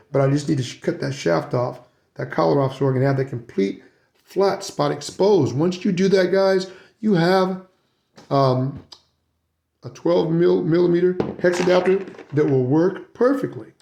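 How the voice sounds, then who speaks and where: A man's voice: a little high, normal speed, creaky, a little mellow, roomy sound. A man giving a casual hands-on how-to demonstration, chatty and often checking in with "right?" and "guys". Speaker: RC hobby video maker.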